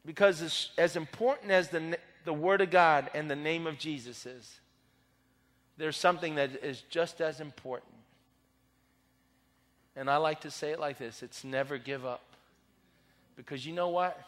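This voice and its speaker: A man's voice: fairly high pitch, steady tone, moderate pace, a bit bright. A man from the Middle East preaching a sermon, telling a story and building to fervent exhortation. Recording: long hall reverb.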